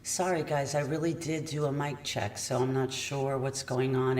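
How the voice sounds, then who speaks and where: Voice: mid-range voice, darkish tone, reverberant. A true crime host talks casually on a livestream, chatty and apologetic. The mic sits some distance away, so the voice bounces around the room. A faint hiss runs underneath. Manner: chatty and apologetic, often checking the audio.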